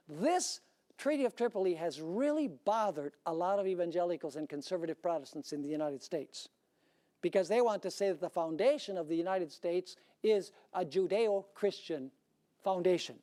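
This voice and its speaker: A man preaching a sermon with conviction. He presses his points hard and keeps turning to the congregation with rhetorical questions. His delivery is steady and emphatic. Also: sits high, normal speed. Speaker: pastor.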